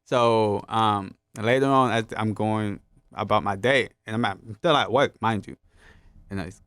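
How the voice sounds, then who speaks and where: A man's voice: fairly low pitch, a little slow, clean tone, no room sound. Laid-back young man, dry close sound. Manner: laid-back, laughs often, quotes others in animated voices. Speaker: podcast guest. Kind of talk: casual storytelling.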